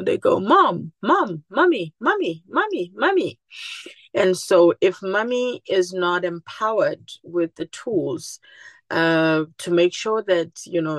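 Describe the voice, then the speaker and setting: A woman speaks as a podcast guest in a somewhat low voice, heard close and dry with no room sound. She talks earnestly and with animation, slipping into the voices of the people she quotes. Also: no room sound. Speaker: podcast guest, community group founder. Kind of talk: conversational interview.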